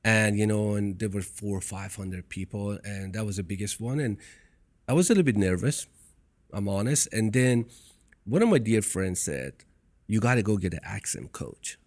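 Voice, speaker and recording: A man's voice: lowish voice, moderate pace, darkish tone. Guy with an accent hosting a podcast, earnest and kinda repetitive, chatty. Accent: foreign accent in English. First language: not English. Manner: earnest, repeats himself, storytelling. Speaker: podcast host. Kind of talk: casual interview chat.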